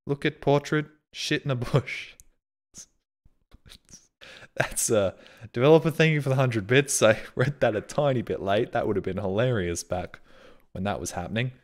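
A man's voice: medium pitch, moderate pace, pauses often. A man streaming live, reading out viewer donations and messages in casual, self-mocking, sarcastic banter.

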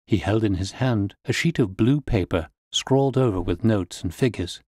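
A man narrating a classic story in a measured, clear reading. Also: lowish voice, darkish tone, no room sound, studio quality.

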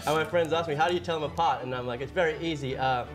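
A man telling crude jokes in casual banter. He fills his pauses with "uh" and voices the jokes' characters. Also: fairly high pitch, music in the background. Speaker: joke-telling podcast co-host.

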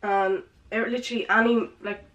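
A teenage vlogger chats her way through a present haul, out of breath and constantly saying "like" and "um." Her mid-range voice is fairly bright, with fairly even intonation and a normal speed. She's recorded on a camera with a ring light, with slight background noise.

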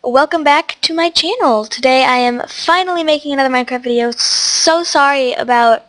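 A woman's voice: high voice, normal speed, fairly bright tone. A teenage girl with a stuffy, sniffly voice, chatting casually and rambling as she hosts a gaming tutorial. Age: teens. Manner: chatty, rambling, talks to animals in game. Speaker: gaming channel host. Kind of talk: casual gameplay tutorial chat.

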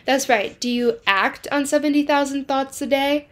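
A steady middle-aged mother speaks in a soothing, reassuring way, as a woman reads her lines aloud, in a fairly high voice. The manner is calm and unhurried, like an everyday parent's voice in a storybook reading.

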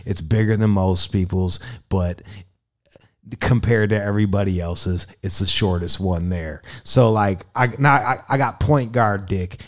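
A man telling a crude story in casual chat, swearing constantly and acting out quotes in a raised voice. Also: lowish voice. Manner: profane, animated, acts out quotes in a raised voice. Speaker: radio personality and interview guest.

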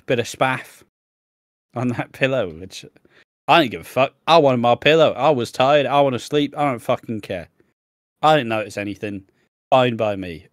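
Brief: young English male co-host, mid pitch, dry close mic, swears a lot, laughs through his stories. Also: dry recording. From England. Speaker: podcast co-host. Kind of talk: casual chat.

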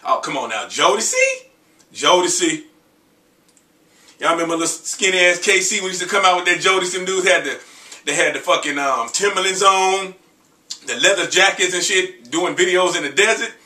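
Raspy-voiced man chatting loosely, far from mic. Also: sits high, brisk, sharp tone, reverberant. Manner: loose, profane, joking chat between sung snippets. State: getting over a cold. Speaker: R&B singer. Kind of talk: casual vlog with singing.

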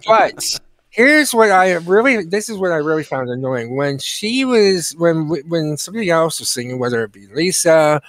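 Podcast co-host, male, high voice, profane animated storyteller, dry booth. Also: moderate pace, no room sound.

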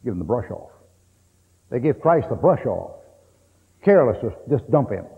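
A man's voice: medium pitch, sing-song, normal speed, gravelly, breathy edge, long reverb tail. Folksy preacher man, tinny old tape. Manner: folksy, blunt, cracks jokes. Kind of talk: sermon.

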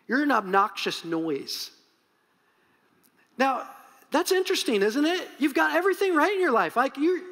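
A middle-aged man preaching a sermon as pastor, in a conversational, animated way with many asides. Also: high voice, big-room sound.

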